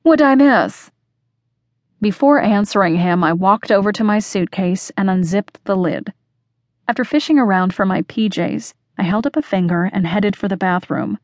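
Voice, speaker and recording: A woman narrating a first-person mystery audiobook in a measured, expressive reading voice. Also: mid-range voice, dry recording, studio quality.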